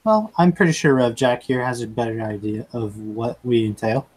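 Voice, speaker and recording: A male tabletop game player, relaxed and joking as he speaks. His voice is husky and mid-pitched. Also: normal speed, rough recording. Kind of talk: casual tabletop play.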